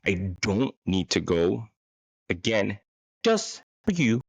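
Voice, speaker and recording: A man's voice: lowish voice, huge pitch swings, slow, dry recording. A man telling a casual, rambling, self-deprecating story about a bad date, full of fillers and restarts.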